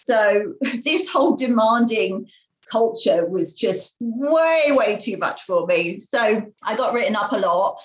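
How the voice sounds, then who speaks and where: A woman's voice: medium pitch, takes it slowly. British woman telling work stories, laughs a lot, sounds a bit dull and echoey. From Britain. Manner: lively storyteller who laughs often, acting out quoted people. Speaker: guest recalling work as a ship purser. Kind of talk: casual chat.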